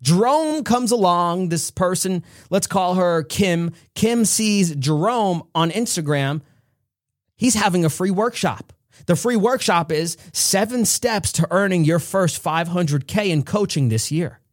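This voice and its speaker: Male motivational host, emphatic storyteller, slightly high voice, dry sound. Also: lively intonation, no room sound. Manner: emphatic storytelling, speeds up and slows. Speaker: podcast host. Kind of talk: motivational monologue.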